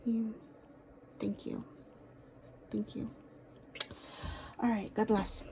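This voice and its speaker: A woman doing a casual tarot reading, talking aloud to a spirit, with sighs, pauses and soft asides. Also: a little high, little pitch movement, slight background noise. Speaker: tarot card reader.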